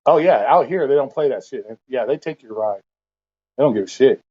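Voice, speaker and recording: A man talks straight into his stream, ranting bluntly and cursing often. His tone is exasperated and lecturing, at a mid pitch. The audio sounds somewhat dull and lo-fi. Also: expressive, a little fast, mellow. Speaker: livestream host. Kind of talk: casual livestream rant.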